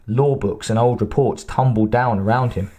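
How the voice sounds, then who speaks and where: A man reading a thriller audiobook aloud as narrator, in a steady, even storytelling manner. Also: medium pitch, normal speed, breathy edge. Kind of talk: scripted narration.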